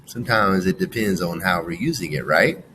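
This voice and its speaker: In front of a noisy background, a deep-voiced, animated man teaches phonics to children. He sounds out letters one after another at a slow pace, leads the class through every word, and praises them.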